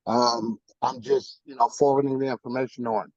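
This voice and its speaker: A man's voice: medium pitch, flat delivery, moderate pace, creaky, darkish tone, no room sound. A man speaking casually at a city council meeting, with many fillers. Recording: dull dry lo-fi audio.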